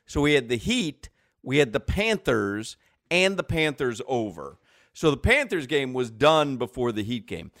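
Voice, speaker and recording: A man hosting a sports talk radio show, telling rambling stories in an animated way and laughing often, on a close studio mic. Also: mid-range voice, measured pace, dry recording.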